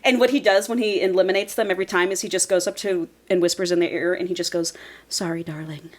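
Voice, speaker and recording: A woman co-hosting a podcast, recapping a novel in casual chat with giggly, animated storytelling. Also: mid-range voice, fast.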